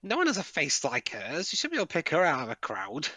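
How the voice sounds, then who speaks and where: A man's voice: fairly high pitch, huge pitch swings, fast, pushed and bright, no room sound. Wry British man cutting in on the movie. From Britain. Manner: wry, interjecting, complains about the film. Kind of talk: casual movie commentary.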